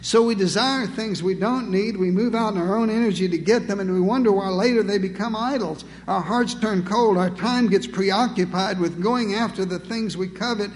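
A man's voice: sits high, normal speed, few pauses, in a large hall. A male pastor preaching an emphatic, rhetorical sermon with dry humor.

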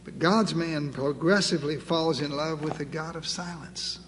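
Guy preaching a sermon, high voice, lots of repeating for emphasis, faint hiss. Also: normal speed, a bit bright. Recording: long reverb, faint background noise.

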